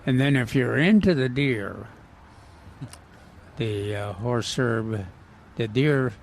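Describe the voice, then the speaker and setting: A man talks through garden advice in a gravelly voice, full of "uh"s and restarts. His casual radio chat is recorded outdoors at a nursery, with faint background noise. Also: medium pitch. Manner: halting, many fillers and restarts. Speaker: gardening show co-host.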